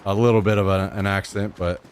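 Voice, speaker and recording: A man's voice: lowish voice, little pitch movement, fairly quick, slight background noise. A man from Missouri with a Southern accent, rambling in casual chat while streaming a game. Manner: rambling, drawling, trails off mid-sentence.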